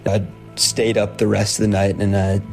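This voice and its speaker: Gravelly low young man telling a story. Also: level tone, darkish tone, soft background music. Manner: halting, laughs nervously while recounting. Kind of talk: casual personal story.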